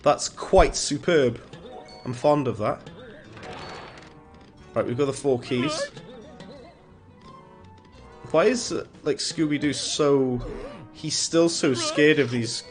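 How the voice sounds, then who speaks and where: A man's voice: fairly high pitch, takes it slowly, long pauses. Chatty male gamer rambling over gameplay. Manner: chatty, rambling, chuckles at his own jokes. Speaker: gaming streamer. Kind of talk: casual gameplay commentary. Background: faint game music.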